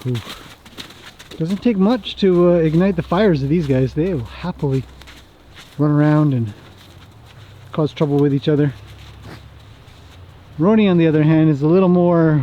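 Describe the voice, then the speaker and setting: A man's voice: a little high, normal speed, long pauses, muffled recording, a little hiss or hum. A man, a horse trainer, chatting casually as he works his horses outdoors and talks fondly to them. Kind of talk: casual commentary while working horses.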